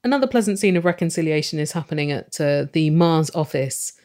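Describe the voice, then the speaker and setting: An English woman co-hosts a casual TV recap podcast. Her voice is slightly low, and she tells the story in a chatty, animated way, often breaking into giggles. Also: fairly quick. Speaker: podcast co-host.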